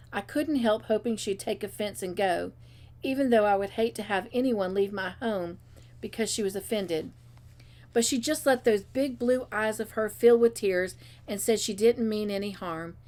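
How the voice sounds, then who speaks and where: Lady reading an old novel out loud, acts out the characters. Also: medium pitch. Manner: expressive reading with character voices. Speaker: storybook reader.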